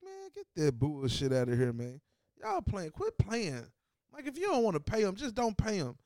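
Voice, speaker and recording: A young man hosting his own show, switching between heated profane rants and low-key asides. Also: huge pitch swings, normal speed, a little mellow, dry recording, studio quality. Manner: heated, profane, emphatic repetition; low-key, trailing off, mumbling. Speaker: podcast host. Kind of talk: casual rant and commentary.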